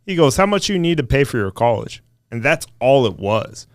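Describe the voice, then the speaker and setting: A man's voice: mid-range voice, very animated, moderate pace, no echo. A man co-hosting a podcast, with a mid-range voice. He speaks frankly and conversationally, and the sound is dry and close. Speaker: podcast co-host. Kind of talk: casual interview chat.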